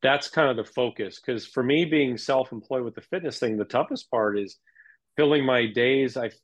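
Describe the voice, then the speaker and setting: A middle-aged man, a fitness instructor, talking as a guest in a casual interview, energetic and animated. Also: medium pitch, moderate pace, no room sound. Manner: energetic, animated, puts on playful voices when quoting.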